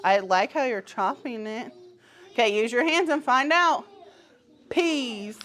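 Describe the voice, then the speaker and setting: A woman who teaches pre-kindergarten gives classroom instruction, her voice on the high side, expressive, and fairly bright at a normal speed. She's upbeat and encouraging, handing small children short, firm directions.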